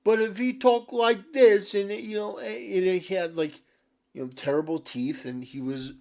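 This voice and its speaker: A man's voice: high-pitched, fairly even intonation, unhurried, gravelly, a little mellow. Exasperated ranting male commentator. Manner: exasperated, sarcastic and profane, with many restarts. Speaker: video commentator.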